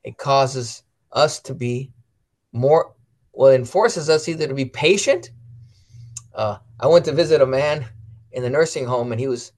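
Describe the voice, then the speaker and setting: A man's voice: mid-range voice, measured pace, darkish tone. A man talking casually about faith and family, telling stories and reading passages aloud. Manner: storytelling, acts out quoted voices; reads catechism passages aloud. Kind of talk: casual religious chat.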